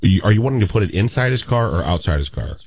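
Deep-voiced radio regular man. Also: expressive, very fast, darkish tone, breathy edge, muffled recording. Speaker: radio show regular, tracker installer. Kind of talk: casual radio chat.

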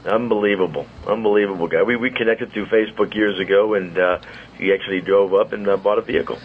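A man in his sixties chats as the host of a radio talk show, his voice sitting low. He tells stories in a loose, rambling way. The sound is a bit dull, with faint hiss behind it. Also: fairly even intonation. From St. Louis. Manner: chatty storyteller, quick asides. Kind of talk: casual radio chat. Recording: muffled studio audio with faint hiss.

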